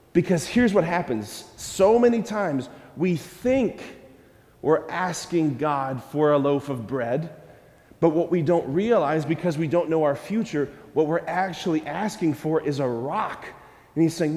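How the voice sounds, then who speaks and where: A man, a Catholic priest, preaching a lively homily, animated and questioning the congregation. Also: fairly high pitch, moderate pace. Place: church. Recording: long church reverb.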